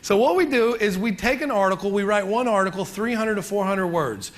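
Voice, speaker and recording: Joking high-voiced man teaching a seminar. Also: animated, brisk. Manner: joking, chatty, asks the crowd questions. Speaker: real estate seminar speaker. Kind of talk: live seminar talk to an audience.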